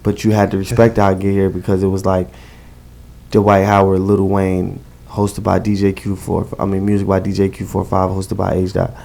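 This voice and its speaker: A man's voice: low-pitched, monotone, moderate pace, gravelly, a little mellow. A man with a New Jersey accent talking casually in a podcast interview, emphatic and slangy, repeating phrases. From Newark, New Jersey. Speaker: event host and guest.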